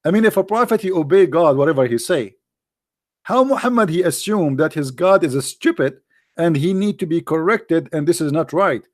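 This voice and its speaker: High-voiced mocking male commentator. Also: expressive, normal speed. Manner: mocking, emphatic, rhetorical questions; non-native English grammar. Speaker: religious commentator. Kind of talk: argumentative monologue.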